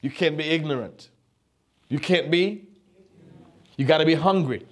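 A man preaches unhurriedly in a fairly high voice; he is a pastor whose first language is not English. He leans on emphatic, repeated phrases and often asks the listeners whether they are listening.

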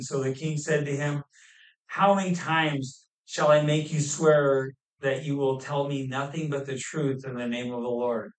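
A man preaching a sermon on a scripture passage, pausing often with fillers and restarts. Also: mid-range voice, fairly even intonation. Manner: halting, with many fillers and restarts. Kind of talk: expository sermon. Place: church hall. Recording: echoey room, mic at a distance.

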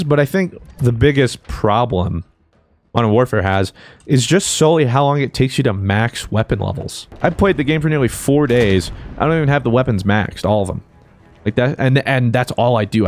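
A man giving jokey, excitable commentary while playing a shooter game, dropping to low mutters and then breaking into shouted cheers. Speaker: gaming YouTuber. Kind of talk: live gameplay commentary. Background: faint gunfire from the game.

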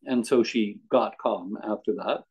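A man's voice: lowish voice, a little slow, a little mellow, husky, muffled recording. A man giving a conversational devotional talk as a guest speaker, mixing anecdotes and readings and chuckling often.

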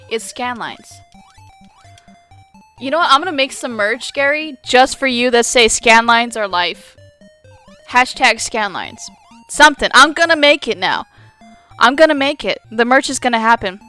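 Young woman gamer streaming, high bright voice, giggly and teasing, dry mic. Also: expressive, unhurried, long pauses, faint music behind. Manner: playful, teasing, dramatic mock outrage; giggly, laughs often. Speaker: gaming streamer. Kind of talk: live game stream chatting with viewers.

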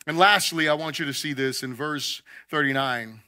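A man preaching a sermon, emphatic, stumbling over repeated words as he builds each point. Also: normal speed. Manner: voices quoted figures louder and higher. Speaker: pastor.

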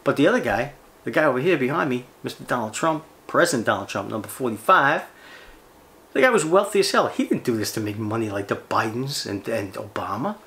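A man's voice: medium pitch, expressive, brisk, sharp tone. A man hosting a fishing channel, ranting on camera in a blunt, sarcastic, profane way. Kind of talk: ranting vlog monologue.

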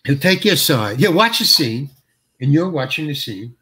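Husky older man telling stories. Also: fairly high pitch, very animated, pushed and bright. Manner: halting, restarts, chuckles through stories. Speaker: actor guest. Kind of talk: anecdotal interview storytelling.

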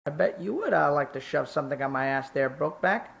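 A synthetic man as a gravelly, mocking firefighter. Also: a little high, expressive, quick pace, fairly bright tone, dull audio. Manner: mocking, with filler "uh" and "there". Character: sarcastic short Canadian firefighter.

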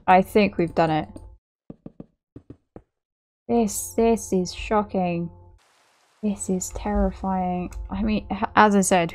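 A woman's voice: medium pitch, steady tone, slow pace, pauses often, a little mellow. A young woman giving gameplay commentary as a channel host, apologetic and self-mocking, often laughing at her own work.

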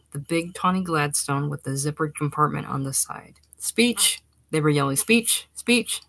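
A woman with a strikingly low, gravelly, husky voice reads a short story in steady, even narration, at times sinking to a hushed near-whisper. The recording is close and dry, with no echo or room sound.

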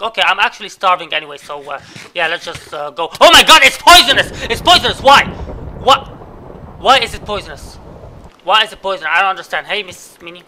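A young man, a native Arabic speaker, giving excitable, swearing commentary while playing a game and reacting loudly to surprises. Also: high-pitched, a little hiss or hum, poor audio. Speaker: gaming YouTuber. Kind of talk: Minecraft let's play commentary.

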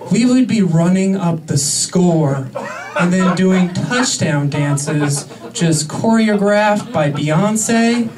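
A man's voice: high voice, distant mic, noisy background. A young man in his twenties doing a stand-up set in a comedy club, sarcastic and crude with mock-outraged asides.

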